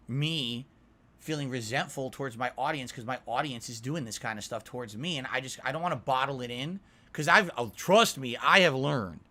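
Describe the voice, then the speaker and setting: A man's voice: medium pitch, bright, forceful tone. A man streaming live, giving his chat an earnest, defensive lecture, and often checking in with "all right?". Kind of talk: livestream rant to chat.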